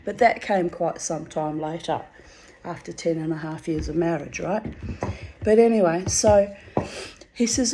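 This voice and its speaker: A middle-aged woman talks through her own story in a candid, unscripted monologue. Her voice sits a little low and sounds mellow and warm. She speaks bluntly, swears freely and drifts into rambling asides. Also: a little slow, pauses often, a little hiss or hum.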